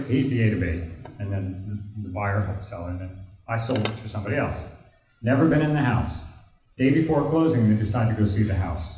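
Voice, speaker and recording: A man's voice: on the low side, dark tone. A man on a real estate panel explaining deals and putting a problem to the others in casual discussion. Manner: conversational, asks the panel questions. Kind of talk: round table discussion. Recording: echoey room, distant mic.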